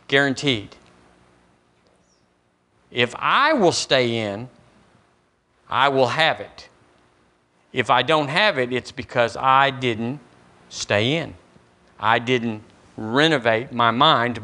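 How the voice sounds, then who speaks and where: Folksy pastor preaching. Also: male voice, mid-range voice, sharp tone. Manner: folksy, acts out dialogues with God. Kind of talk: sermon.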